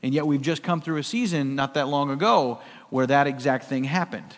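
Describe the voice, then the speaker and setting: A middle-aged pastor from the US West Coast preaching a conversational sermon, swinging between loud and hushed. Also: male voice, medium pitch, moderate pace, big-room sound.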